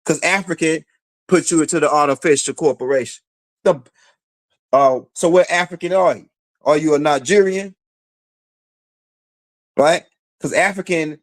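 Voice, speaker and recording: A man giving a casual, slangy commentary monologue, challenging his target with repeated rhetorical questions. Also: fairly high pitch. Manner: casual slangy speech with fillers. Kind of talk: direct-address commentary monologue.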